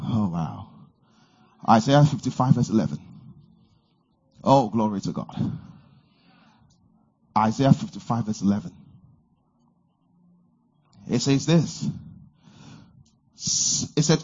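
A male preacher delivering a fervent sermon, repeating lines and swinging between shouted declarations and low murmurs. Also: lively intonation, takes it slowly, pauses often, slightly rough, lo-fi sound.

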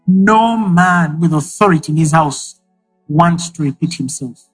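A male preacher delivers a sermon in a husky, unhurried voice. He leans on repetition and emphasis to drive each point home, while faint music plays behind him. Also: a little high, low-quality recording. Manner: emphatic, repeats key phrases for effect.

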